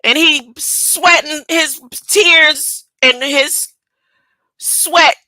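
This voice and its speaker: High, bright-voiced woman preaching emphatically. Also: drawn-out words, dry recording, poor audio. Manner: emphatic, colloquial, rhetorical questions. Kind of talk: informal sermon.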